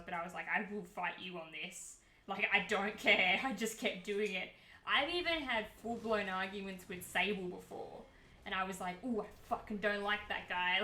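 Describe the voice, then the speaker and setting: A woman streamer talking straight to her chat in a bright, clear voice, blunt and unfiltered, with swearing dropped in freely. Her voice sits at an ordinary middle pitch. The room around her gives it a noticeable echo. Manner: candid and heated, swears freely. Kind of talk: casual livestream chat. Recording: roomy echo.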